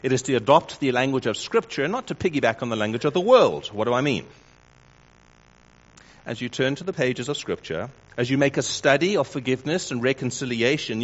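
A man preaching a sermon in a measured way, with wry mock-dramatic asides. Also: medium pitch. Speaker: pastor. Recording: dull lo-fi recording.

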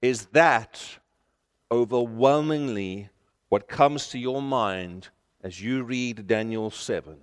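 Male preacher, sermon delivery, emphatic with forceful peaks, mid-pitched voice, long church-hall reverb. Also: slow, clean tone. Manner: emphatic, rising to forceful declarations.

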